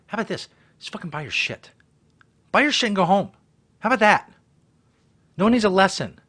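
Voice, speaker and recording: A man delivers a profane, exasperated rant as host of a reaction show. His voice sits a bit high and swings widely in pitch, dropping to mutters and climbing to yells. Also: expressive, a little fast, pauses often. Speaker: host reacting to a viral video. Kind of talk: ranting commentary.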